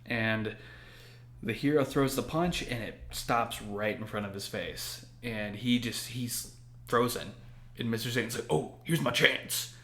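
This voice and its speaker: A man's voice: on the low side, unhurried, roomy sound. A man co-hosting a podcast, chatting casually and laughing often as he recaps an episode scene by scene. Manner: animated, laughs often while retelling. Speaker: podcast co-host.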